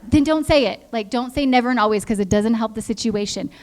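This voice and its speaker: A woman's voice: on the high side, fast talker. A middle-aged woman giving a conversational sermon at church, telling stories and acting out the voices she quotes. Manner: lively storytelling, acts out quoted voices. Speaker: church speaker.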